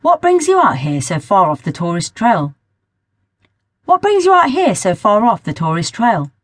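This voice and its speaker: A woman's voice: medium pitch, sing-song, normal speed, no room sound, studio quality, pitched above the performer's own voice. Woman playing a flirty Texan builder. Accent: Texan drawl. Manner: easygoing and teasing. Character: charming flirtatious Texan man in his late twenties, a builder.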